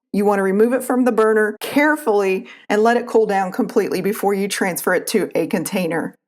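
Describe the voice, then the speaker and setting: A woman with an Appalachian accent, calmly explaining a recipe step by step as a cooking channel host. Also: mid-range voice. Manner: calm, instructive, homespun. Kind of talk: recipe tutorial voice-over.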